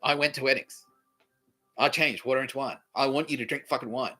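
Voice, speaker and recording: A man's voice: medium pitch, fairly even intonation, brisk, sharp tone, soft background music, pitched above the performer's own voice. Man acting out Jesus, laid-back, fed up, profane, blunt, comedy bit. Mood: exasperated.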